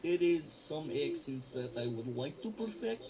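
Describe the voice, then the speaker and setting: A young man speaking with a put-on Russian accent, trading deadpan jokes as a guest in a casual chat. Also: fairly high pitch, unhurried, highs cut off, a crowd in the background. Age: young adult.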